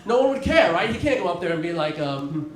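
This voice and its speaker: A man's voice: high-pitched, sing-song, a little fast. A man in his thirties doing a rambling, self-deprecating stand-up set on a club stage with a handheld mic. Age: 30s. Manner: rambling, self-deprecating, with filler words and restarts. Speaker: stand-up comedian. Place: comedy club stage before a live audience. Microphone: handheld stage mic with dropouts. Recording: roomy club sound with crowd laughter.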